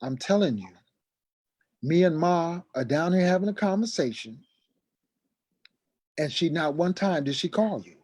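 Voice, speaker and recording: A middle-aged man telling a personal story in a lively conversational way, acting out the dialogue and raising his voice sharply in the heated parts. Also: fairly high pitch, measured pace, long pauses, slightly rough. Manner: acts out quoted dialogue, voice rising sharply when agitated. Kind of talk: animated storytelling.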